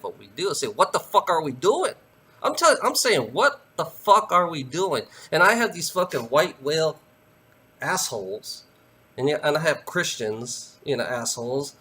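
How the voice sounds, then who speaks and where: A man ranting straight to camera, heated and profane. His voice sits a little high and swings widely up and down. The tone is bright and forceful, and he keeps circling back to the same phrases. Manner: heated, profane, repeats "you know" often.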